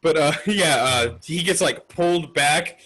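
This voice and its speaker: A man co-hosting a podcast, excitedly recapping a comic chapter in casual chat and laughing often. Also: a little high, a little slow, rough recording. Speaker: podcast co-host.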